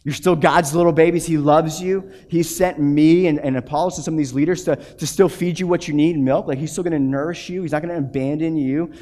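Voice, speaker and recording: A man in his thirties preaches a sermon, his voice sitting a little higher than most men's. He is animated and restless, doubling words as he pushes a point and slipping into short acted-out quotes. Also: brisk, few pauses. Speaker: pastor.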